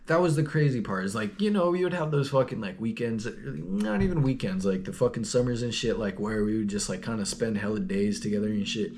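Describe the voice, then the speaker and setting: A man's voice: on the low side, lively intonation, fairly quick, hardly any pauses, a little mellow. A young man telling a story in a rambling, slangy, profane, laid-back way. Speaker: vlogger. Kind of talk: casual storytelling.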